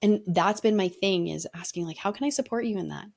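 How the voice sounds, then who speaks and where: A woman's voice: medium pitch, fairly quick, creaky. A woman leadership coach talking in an earnest, reflective way, telling stories in a casual podcast conversation.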